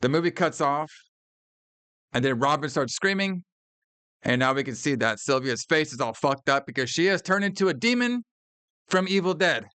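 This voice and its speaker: Bright-voiced man recapping a film casually. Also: on the high side, moderate pace, pauses often, clean tone, dry recording. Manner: animated, profane, acts out quoted lines. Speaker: podcast co-host. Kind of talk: casual movie recap chat.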